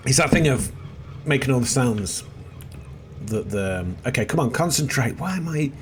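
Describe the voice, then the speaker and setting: A man's voice: mid-range voice, animated, normal speed. A middle-aged man giving chatty, self-deprecating gameplay commentary, often muttering to himself as he plays. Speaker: let's play host. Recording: noisy background with seagulls.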